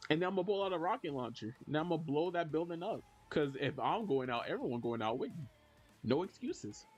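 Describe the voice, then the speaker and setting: Guy streamer chatting casually, voice bouncing all over, kinda high, jokey and loose, faint music under it. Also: a little fast, husky. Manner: animated, joking, reads chat aloud and answers. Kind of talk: casual live-stream chat.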